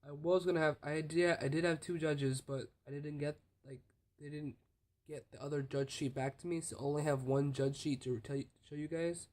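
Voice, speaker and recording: Teen guy, higher-pitched voice, casual rambling vlog chat, lots of fillers, trails off softly. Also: flat delivery, moderate pace. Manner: rambling, full of restarts and fillers, trailing off quietly. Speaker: student speech competitor.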